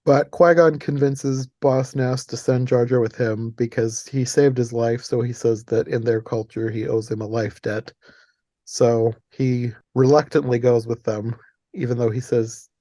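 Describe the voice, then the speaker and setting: Male podcast host, relaxed mellow tone, dry studio sound, chatty retelling of plot. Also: medium pitch, a little slow, no room sound. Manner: animated, laughs often, retells plot details. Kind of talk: casual movie podcast chat.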